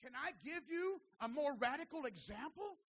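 A man preaching a sermon as pastor, building from steady teaching to fervent shouted calls and then falling back to quiet asides, repeating phrases for emphasis. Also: very high-pitched, normal speed, dull audio.

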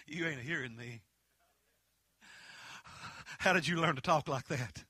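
A Southern Appalachian preacher delivers a holiness sermon in a very bright, ringing voice. He tells folksy, homespun stories and builds to impassioned peaks. He is recorded close and dry, with no room sound. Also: on the high side, slow pace, pauses often, breathy edge, dry recording. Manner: folksy storytelling that swells into impassioned shouting.

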